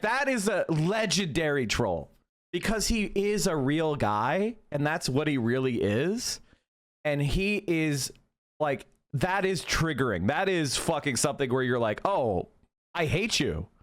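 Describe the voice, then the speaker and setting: A man's voice: on the high side, big pitch swings, a little slow. A man in his thirties hosting a stream, ranting through heated, profane political commentary. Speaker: streamer host.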